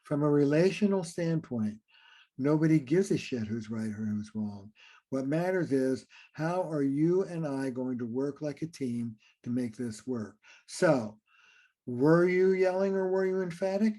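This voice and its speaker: Mellow-voiced man explaining relationships. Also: mid-range voice, a little slow. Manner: animated, acts out little scenes between partners. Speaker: relationship therapist and author. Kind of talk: conversational interview explanation.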